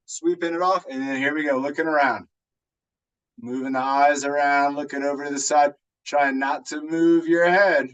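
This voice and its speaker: A man coaching a gentle workout, upbeat and encouraging as he calls out each move. His voice sits a little high for a man. He sounds set back from the microphone. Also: recorded from a distance, low-quality recording. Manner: upbeat, encouraging, talks through moves while exercising. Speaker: fitness instructor. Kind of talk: guided workout instruction.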